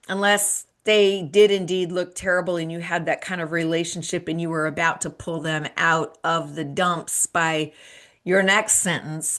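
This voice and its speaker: A woman's voice: fairly low pitch, normal speed, a bit bright. A woman in her fifties hosting a solo motivational talk, earnest and encouraging, asking the listener rhetorical questions. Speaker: midlife coach and show host.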